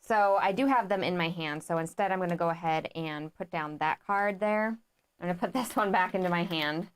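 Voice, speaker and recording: A woman's voice: lowish voice, fairly quick, clear, resonant tone. A woman co-hosting a live board game playthrough, giggling, thinking aloud about her moves and apologizing for mistakes. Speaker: board game show co-host. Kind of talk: casual live playthrough chat.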